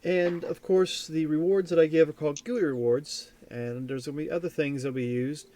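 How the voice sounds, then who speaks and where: A man runs a live tabletop game as its game master, with a somewhat high voice. He talks in a chatty, rambling way and corrects himself mid-sentence as he works through announcements. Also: fairly even intonation, normal speed, mellow. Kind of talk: casual live-stream chat and announcements.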